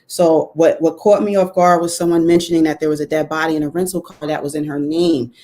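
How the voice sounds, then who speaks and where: Measured woman speaking on a call. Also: deep voice, fairly even intonation, dark tone, rough recording. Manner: measured, hesitant with fillers. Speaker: panelist. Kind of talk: casual call discussion.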